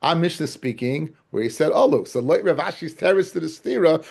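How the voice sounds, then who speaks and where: With a fairly high, expressive, creaky voice of darkish tone, a man talks a little fast and with few pauses in his Talmud lecture. He repeats key phrases and restarts to drive points home, frequently asking his guys and fellas if they follow.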